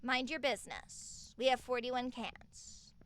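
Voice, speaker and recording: A woman streaming live from home on a desk mic, chatting casually, excitable and swearing freely as she gushes thanks at her viewers. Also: on the high side, slow pace.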